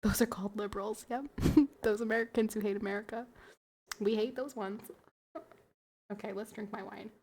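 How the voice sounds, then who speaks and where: Tipsy streamer woman with a gravelly voice. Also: medium pitch, steady tone, normal speed, pauses often, a little mellow, slight background noise. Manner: giggly, chatty, thanks viewers for gifts. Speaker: livestreamer. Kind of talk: casual stream chat while drinking wine.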